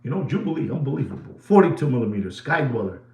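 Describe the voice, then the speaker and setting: A man's voice: mid-range voice, sing-song, quick pace, darkish tone, reverberant. A man hosting a casual watch market update, emphatic and repetitive, swinging his voice up and down for drama.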